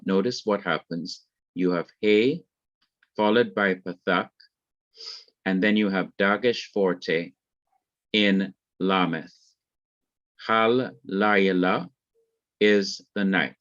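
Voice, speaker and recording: A man's voice: lowish voice, no echo. A man with a Jamaican accent teaching a beginner Hebrew class, explaining words and grammar step by step in a methodical way. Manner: slow, methodical, spells out terms. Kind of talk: classroom lecture. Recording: dull lo-fi, dry close sound.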